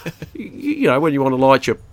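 Gravelly Australian dad, lively chat. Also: male voice, mid-range voice, fairly quick, no echo. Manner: rambling, chatty storyteller with laughs. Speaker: podcast co-host and father. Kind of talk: casual chat.

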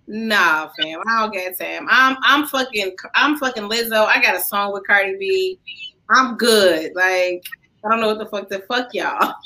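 A woman co-hosting a casual chat, talking in a blunt, profane and animated way. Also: medium pitch, measured pace, rough recording.

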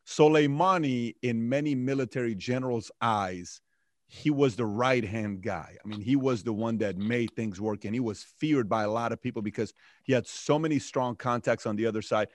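A male interview host who talks in an animated, pushy way, tripping over his words and repeating them as he builds his point. The sound is dry, with no room around it. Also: mid-range voice, moderate pace, no echo. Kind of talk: casual interview.

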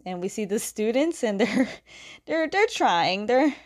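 A woman's voice: on the high side, sing-song, measured pace. A young woman casually recapping a comic story, chatty, laughing often and leaning on "like.".

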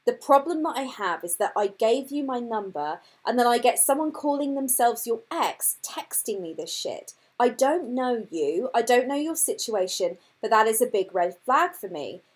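Woman host, lively storyteller, husky voice, reads out the messages. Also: a little high, normal speed, few pauses. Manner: animated storytelling, reading out text messages. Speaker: podcast host telling her dating story. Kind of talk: casual chat.

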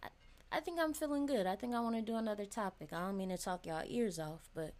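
A woman's voice: medium pitch, fast talker, darkish tone. A young woman hosting a casual solo podcast, talking frankly and chattily straight to her listeners. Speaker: podcast host.

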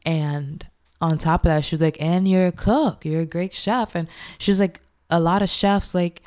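A young woman chef, animated and laughing often as she acts out quoted speech in a casual interview. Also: fairly low pitch, moderate pace. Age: young adult.

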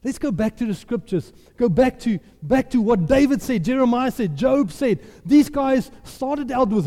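A man preaching a sermon, telling a lively personal story and acting out the voices in it. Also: extremely high pitch, moderate pace, few pauses. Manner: animated storyteller, laughs often, acts out quotes. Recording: echoey hall reverb.

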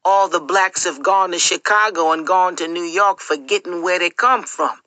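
Woman narrator playing a scornful older shopkeeper lady, bright, dry read. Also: fairly low pitch, normal speed, no echo.

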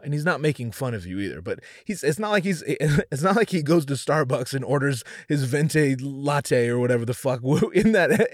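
A man's voice: mid-range voice, no room sound, studio quality. A young man hosting a podcast, ranting with jokes and swearing in a casual monologue, with lots of restarts. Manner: profane, ranting, jokey, many restarts. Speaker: podcast host.

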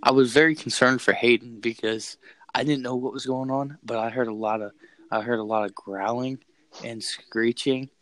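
A young man excitedly telling a scary story in a casual chat, swearing and repeating himself. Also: medium pitch, normal speed, no echo, low-quality recording. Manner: excited, profane, repeats phrases.

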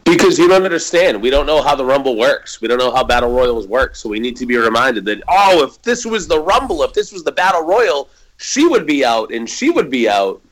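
A man's voice: mid-range voice, sing-song, a little fast, few pauses, low-quality recording. Dry, sarcastic man in podcast chat. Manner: dry, sarcastic, laid-back. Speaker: podcast co-host. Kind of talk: casual wrestling podcast chat.

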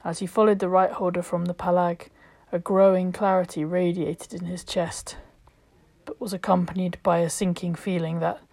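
A woman reads a story aloud in a calm, measured voice that sits a little low and sometimes falls to a whisper. The sound is dry and close to the mic. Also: creaky, no room sound. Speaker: narrator. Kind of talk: storybook narration.

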